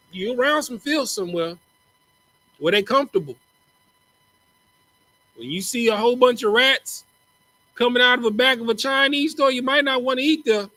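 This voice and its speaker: A Texan man teaches a religious group class as a casual preaching lecture, joking and using slang, often repeating words as he starts a line. His voice is very high-pitched, pushed, and bright, and the recording is rough.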